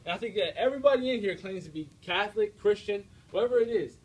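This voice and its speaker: A young American man giving an energetic, direct faith talk to a student audience, often checking in with his listeners. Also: high voice, fast talker, slightly rough, low-quality recording. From United States. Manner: energetic, direct, preachy, with frequent checks like "all right?". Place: university room before an audience.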